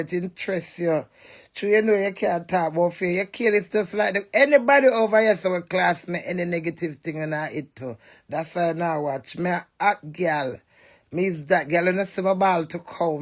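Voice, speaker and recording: A woman with a thick Jamaican accent launches into a brash, fiery rant, swearing freely. Her voice has a gravelly, creaky edge. She sounds defiant and unfiltered. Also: fairly low pitch. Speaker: social media personality. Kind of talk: ranting monologue.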